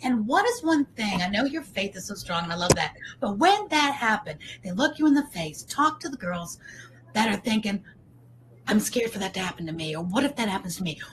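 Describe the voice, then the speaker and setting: A woman's voice: mid-range voice, a bit bright, a little hiss or hum. A woman hosting an interview show, talking in an effusive, encouraging way to her guest. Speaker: talk show host. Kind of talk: interview conversation.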